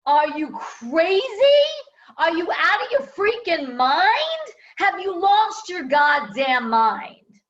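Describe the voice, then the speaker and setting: A woman voicing an exasperated mother who yells in disbelief. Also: very animated, slow, roomy sound, dull audio, heavily acted. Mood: outraged. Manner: shrill, outraged yelling.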